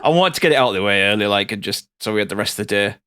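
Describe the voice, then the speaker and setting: A man hosting a podcast, talking in a relaxed, rambling way with casual swearing. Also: on the low side, very fast, clear, resonant tone, no echo. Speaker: podcast host. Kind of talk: casual chat.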